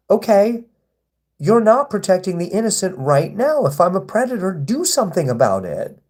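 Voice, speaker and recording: High-pitched and very animated, this man speaks at a moderate pace with a slightly mellow sound. On his live stream he reads chat comments out and answers, goading and cursing at hecklers.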